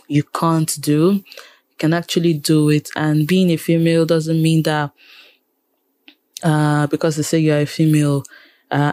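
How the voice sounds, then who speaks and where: A woman's voice: low-pitched, a little mellow, no room sound. A Nigerian woman, a radio producer and presenter, speaking frankly in an interview, exasperated when she complains about her industry.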